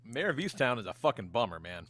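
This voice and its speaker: A man co-hosting a podcast, excitable and profane in casual chat. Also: mid-range voice, quick pace. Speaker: podcast co-host.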